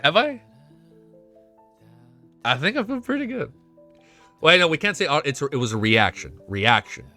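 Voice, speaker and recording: A young man chatting casually on a live stream while reacting to a web novel, excitable and swearing often. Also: on the high side, moderate pace, long pauses, soft background music.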